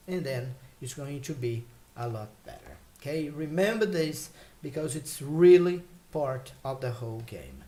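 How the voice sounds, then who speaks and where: A man teaching English vocabulary in a relaxed, explanatory way, pausing with fillers and checking in with "okay?" and "right?". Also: on the high side. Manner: explains slowly with many fillers and check questions. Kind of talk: casual spoken lesson.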